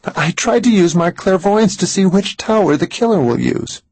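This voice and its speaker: A man's voice: high voice, normal speed, a little mellow, slightly rough, no room sound, pitched above the performer's own voice. A man voicing a frightened clairvoyant woman. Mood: frantic.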